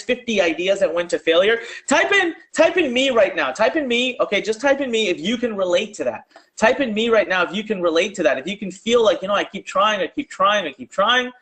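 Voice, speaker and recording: A man with a high voice talks to a live online audience in a casual, slangy way. He pushes the viewers to type their answers in the chat and keeps a pressing, salesy rhythm. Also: lively intonation, brisk, fairly bright tone. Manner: urgent and conversational, drives audience to type replies in chat. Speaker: online business coach. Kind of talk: live-streamed sales pitch.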